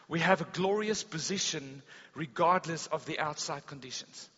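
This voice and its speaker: A man delivers a sermon in a big hall, his bright, fairly high voice ringing with a long echo. The sound is a bit dull and lo-fi. He tells stories with animation, going loud and then suddenly quiet. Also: slightly rough. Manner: animated storytelling preacher, swings between loud and hushed. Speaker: pastor. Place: school hall service.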